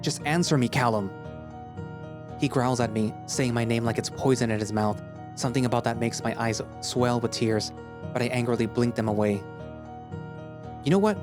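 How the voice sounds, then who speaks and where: A man's voice: medium pitch, fairly quick. A man narrating a first-person dramatic audio story as an earnest, emotional young male anthro, speaking expressively. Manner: earnest and expressive, rising to anger. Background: background music.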